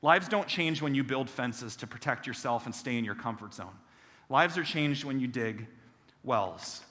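A man's voice: medium pitch, normal speed, in a large hall. A man preaching a sermon in a church sanctuary, telling stories and acting out the voices of the people in them. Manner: animated, acts out quoted voices with self-deprecating humor. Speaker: pastor. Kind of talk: sermon with personal storytelling.

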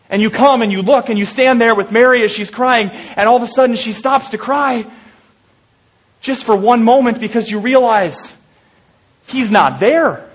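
A man preaching an Easter sermon, telling the story vividly and sometimes dropping to a hushed voice, with lighthearted asides. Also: high voice. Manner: storytelling, drops to a hushed voice for intimate moments. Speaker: pastor.

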